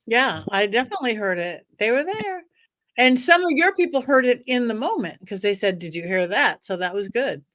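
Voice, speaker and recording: Rambling, enthusiastic woman, higher voice. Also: sing-song, a bit bright, no echo. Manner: enthusiastic, rambling, lists ideas quickly. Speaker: psychic guest. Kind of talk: casual podcast interview.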